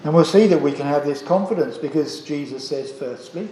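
A man's voice: on the high side, fairly quick, mellow, reverberant, rough recording. A man preaching a sermon, earnest and emphatic, asking the congregation rhetorical questions and repeating key phrases. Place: church.

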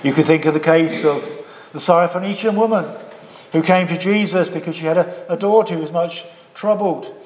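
Male preacher, slightly high voice, measured sermon delivery, long hall reverb. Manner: measured, with rhetorical questions to listeners.

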